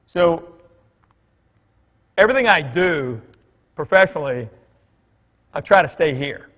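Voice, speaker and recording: A man's voice: a little high, animated, unhurried, long pauses, a bit bright. Joking middle-aged man in an echoing church. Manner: conversational and joking, with fillers and asides. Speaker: comedian speaking at church. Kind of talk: storytelling talk to a congregation. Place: church hall with an audience. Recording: long reverb from a large church hall.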